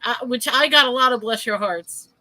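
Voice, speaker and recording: Bright, lively woman hosting a chat. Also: a little high, normal speed, dry recording, rough recording. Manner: animated storyteller, laughs often. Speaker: host. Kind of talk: casual chat on a live stream. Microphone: video call.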